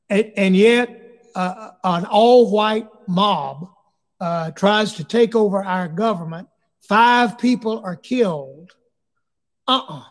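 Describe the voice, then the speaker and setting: High-voiced bishop in an echoey hall. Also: male voice, takes it slowly, long pauses. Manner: earnest, anecdotal preacher's way of talking. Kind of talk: speaking at a church community forum. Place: church hall. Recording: long echo of a large hall.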